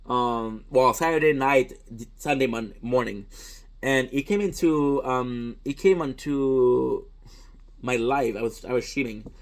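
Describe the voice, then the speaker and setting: Male streamer, native French speaker, mid-pitched, earnest and rambling with frequent restarts and casual swearing. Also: a little slow. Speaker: content creator and streamer. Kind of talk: casual reflective monologue.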